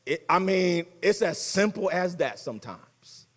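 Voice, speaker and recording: A man preaching a sermon as pastor, conversational and folksy, swinging between loud exhortation and hushed asides. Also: high-pitched, animated, measured pace, long reverb tail. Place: church sanctuary.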